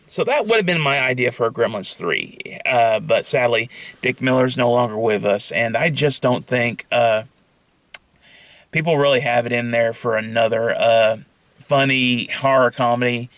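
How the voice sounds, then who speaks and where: A young man pitching his own film idea in a casual, rambling monologue full of fillers and restarts. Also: moderate pace, fairly bright tone, no echo.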